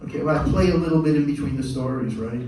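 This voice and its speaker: An older man, a musician, tells stories to a live audience between songs, animated and acting out the voices of the people he quotes. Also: mid-range voice, quick pace, crowd noise. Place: live venue. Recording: echoey room, mic far off, faint noise.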